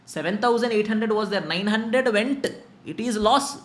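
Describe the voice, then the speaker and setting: A man's voice: high-pitched, normal speed, fairly bright tone. A young man with an Indian English accent teaching a lecture, firing rhetorical questions at his students. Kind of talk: classroom lecture.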